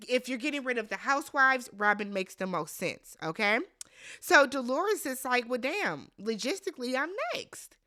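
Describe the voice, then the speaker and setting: A woman recapping a reality show in a casual vlog, with a bright, forceful, fairly high voice. She is blunt and exasperated, swears freely and fires rhetorical questions straight at the contestants.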